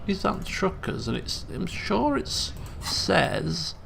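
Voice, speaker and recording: A man giving casual let's play commentary, talking to himself as he puzzles things out. His voice is strongly gravelly. It also sits a bit high for a man. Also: very animated, slow pace, fairly bright tone, a little hiss or hum. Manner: thinks aloud, self-questioning, chatty.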